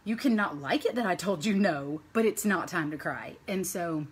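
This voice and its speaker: A woman's voice: on the low side, expressive, moderate pace, breathy edge. A woman in her thirties telling parenting stories in a casual vlog monologue, chatty and rambling, linking her thoughts with "and so.". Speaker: mother sharing parenting stories.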